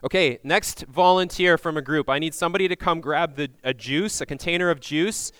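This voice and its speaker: A man leading a group through a Passover meal, giving loud instructions into a microphone and checking in with frequent "okay?"s. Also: on the high side, fairly quick, smooth, dry recording. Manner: projects loudly into a microphone. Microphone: handheld or stand microphone.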